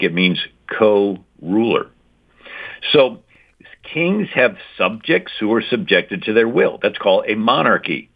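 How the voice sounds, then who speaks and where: A man's voice: fairly low pitch, sing-song, takes it slowly, vocal fry. A man giving an emphatic talk on church history, explaining points and checking in with "right?". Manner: lecturing, repeats key points with "right?". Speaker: guest speaker on Christian history. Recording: tinny phone-like line.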